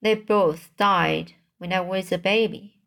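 A woman voicing a young orphan girl who answers plainly and calmly. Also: fairly low pitch, slow pace, vocal fry, exaggerated voice. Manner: matter-of-fact.

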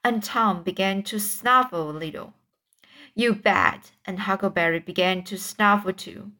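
A woman's voice: mid-range voice, moderate pace, bright, forceful tone. A woman reading a children's storybook aloud, stumbling and restarting words often. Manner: stumbling read with frequent restarts. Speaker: audiobook reader. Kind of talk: storybook narration.

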